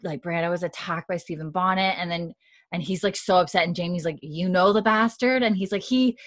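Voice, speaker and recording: Here the podcast co-host talks quickly through a TV episode recap, her intonation fairly even as she quotes characters in a hushed, lowered voice and leans on "like." It's casual chat, captured in a dry, clean studio recording.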